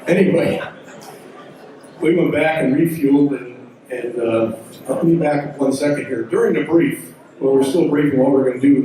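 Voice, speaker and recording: A man's voice: medium pitch, warm tone. Older man telling war stories in an echoey hall. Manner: folksy, rambling, backtracks often. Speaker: symposium speaker, veteran helicopter pilot. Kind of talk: storytelling talk to an audience. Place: large hall. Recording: echoey hall recording from far off.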